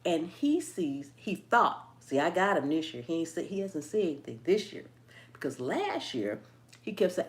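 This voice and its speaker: Animated, laughing woman gardening host. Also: lowish voice, normal speed. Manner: laughs often, animated and playful. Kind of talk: casual live chat reading viewer comments.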